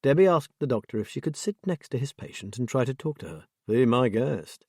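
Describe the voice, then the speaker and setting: A male narrator reading a thriller audiobook in a measured, expressive voice. His pitch rises and falls a great deal, and the recording is dry and close, made at a studio mic. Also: slightly rough, no room sound.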